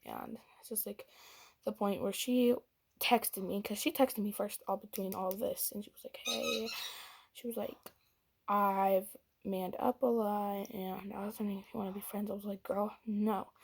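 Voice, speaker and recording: A woman's voice: medium pitch, steady tone, moderate pace, darkish tone, husky. A young woman telling a dramatic storytime about a fight, with whispered asides and acted quotes. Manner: dramatic retelling, whispering asides, quoting in voices. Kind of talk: storytime vlog.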